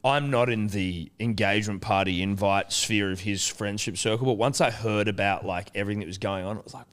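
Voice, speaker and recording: Aussie podcast guy, 30s, smooth voice, chatty storyteller, swears a lot. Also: fairly low pitch, a little fast. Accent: Australian. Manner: lively storyteller, swears freely, acts out quotes. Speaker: podcast co-host. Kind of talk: casual chat.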